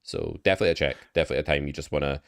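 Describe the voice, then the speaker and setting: A man's voice: rumbling low, very fast, clean tone, dry recording, clean studio sound. A man coaching poker over an online call, talking bluntly and casually and swearing now and then.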